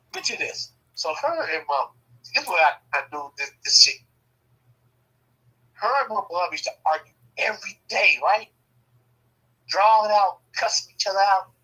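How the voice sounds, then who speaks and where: Man, casual profane storyteller, husky edge, bright forward tone. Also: sits high, poor audio. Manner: profane, animated, laughing.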